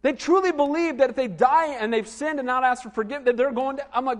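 A middle-aged man preaching a sermon, telling lively stories and asking the congregation questions. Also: extremely high pitch, fast, in a large hall. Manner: animated storytelling with asides to the congregation. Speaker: pastor.

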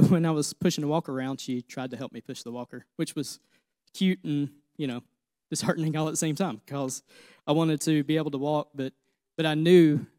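A man's voice: fairly high pitch, no room sound. A man in his thirties preaching a sermon, telling a personal story of suffering and faith, with many repeated phrases. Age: 30s. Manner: personal testimony, grows emotional and louder. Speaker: pastor. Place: church.

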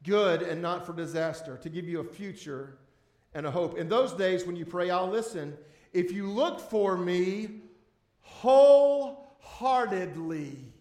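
A man preaching a sermon as pastor to a congregation, emphatic, swinging between loud bursts and hushed, drawn-out words, repeating key words for emphasis. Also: high voice. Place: church sanctuary before a congregation. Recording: echoey room.

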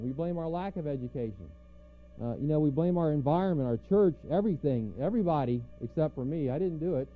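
A man preaching a conversational sermon, teaching verse by verse and asking rhetorical questions. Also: fairly high pitch. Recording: tinny phone-like sound with faint music.

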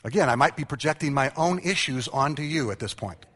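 Animated preacher man in a reverberant hall. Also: medium pitch, brisk. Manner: animated storytelling, acting out quotes, self-mocking humor. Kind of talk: humorous sermon. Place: large church hall. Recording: church hall with long reverb.

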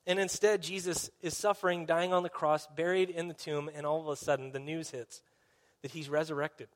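A man's voice: fairly high pitch, fairly even intonation, fairly quick. A man as a pastor, preaching a sermon in an earnest, conversational storytelling way.

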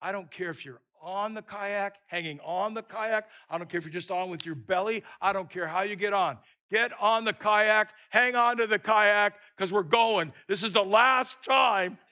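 A man's voice: high-pitched, moderate pace, few pauses, bright, forceful tone, pitched above the performer's own voice. A man voicing an impatient adult male kayak guide who barks blunt orders. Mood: urgent.

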